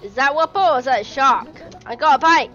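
A young-sounding woman chats through a video game, reading lines aloud and cheering or cursing at what happens. Her voice is high and bright. The recording is a little dull, with faint music underneath. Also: brisk. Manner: casual, swears, excitable about fishing. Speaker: gameplay commentator. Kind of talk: let's play commentary, reading game dialogue aloud.

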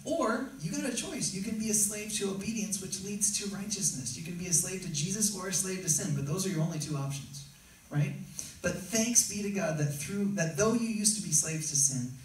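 A man with a high voice preaching to his congregation, casual and emphatic, checking in with a steady "right?". He sounds some way from the mic in a very reverberant church sanctuary, with a faint hiss underneath. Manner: conversational, emphatic, often asks "right?". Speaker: pastor. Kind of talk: sermon. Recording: very echoey church hall, mic at a distance.

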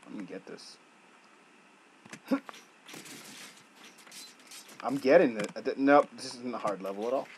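A man doing gameplay commentary as a gaming YouTuber, swinging between yelling at the game and muttering to himself. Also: mid-range voice, a little slow, pauses often, a little hiss or hum, poor audio.

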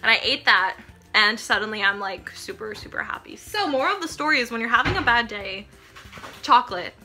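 A young woman with a slightly high voice vlogs casually into a handheld camera. She is bubbly and chatty, giggling and using lots of fillers. Music plays clearly in the background. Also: expressive, a little fast, pushed and bright. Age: young adult. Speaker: vlogger. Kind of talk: casual vlog chat. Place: friend's apartment at dinner, later outdoors at night.

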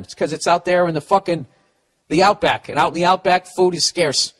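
A man's voice: high voice, a little fast. A middle-aged man with a Boston accent hosting a podcast, giving comedic advice in a profane, ranting way with stammering restarts. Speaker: podcast host.

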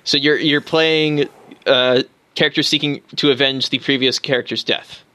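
A man's voice: medium pitch, fairly even intonation, normal speed, sharp tone, no room sound. A man co-hosting a casual podcast about tabletop games, talking enthusiastically with fillers and restarts. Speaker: podcast co-host.

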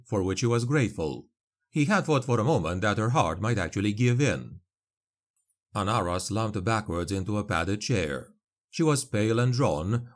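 Guy narrating a dark fantasy audiobook, serious and steady, low-ish pitch.

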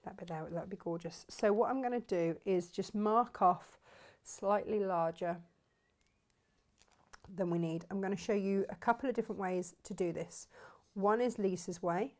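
A woman's voice: mid-range voice, normal speed, darkish tone. A woman hosts a live sewing demonstration, chatting enthusiastically and thinking aloud as she works. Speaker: craft shop host demonstrating sewing.

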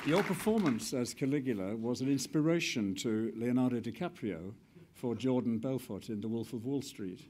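A man's voice: mid-range voice, lively intonation, normal speed, darkish tone, a little hiss or hum. A man conducting an onstage interview, setting up clips and prompting his guest. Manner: well-prepared, prompting questions. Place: stage event before an audience.

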